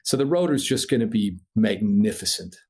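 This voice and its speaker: A man from Minnesota, a podcast guest, telling a story in a casual, animated way, swearing freely and laughing through the tense parts. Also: lowish voice, normal speed. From Minnesota, USA. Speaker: podcast guest, paraglider pilot.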